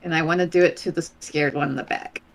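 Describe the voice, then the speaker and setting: A woman's voice: sits low, quick pace, poor audio. A woman playing in a tabletop game, chatting casually and giggling often. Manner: giggly, animated. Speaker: player.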